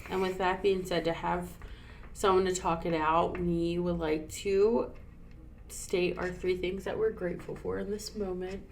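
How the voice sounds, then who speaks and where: A woman's voice: fairly low pitch, little pitch movement, a little slow, vocal fry, a little hiss or hum. A woman co-hosting a podcast in casual chat, emotional and supportive. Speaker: podcast co-host.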